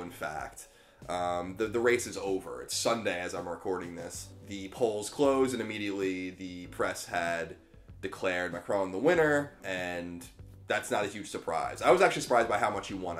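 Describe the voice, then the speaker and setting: An American man in his thirties hosting a solo political commentary video from a spare bedroom, casual and emphatic, slowing down to stress his points. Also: on the low side. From United States. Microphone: camera in a small room.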